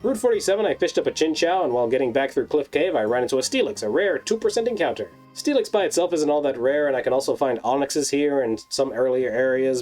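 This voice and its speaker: A man narrating a scripted game recap as the video's host, with a sarcastic, wry tone and quick asides. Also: medium pitch, darkish tone. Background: faint background music.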